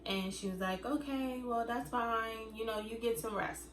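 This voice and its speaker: A woman's voice: a little high, normal speed, far from the mic. A young woman vlogger in casual storytime chat, chatty and acting out quotes in other voices. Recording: echoey room, faint noise.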